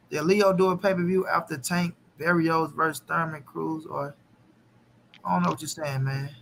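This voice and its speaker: Bright-voiced man chatting on a live stream. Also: high-pitched, vocal fry, a little hiss or hum. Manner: loose, profane, talks back to chat. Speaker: boxing channel host. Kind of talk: casual live-stream chat.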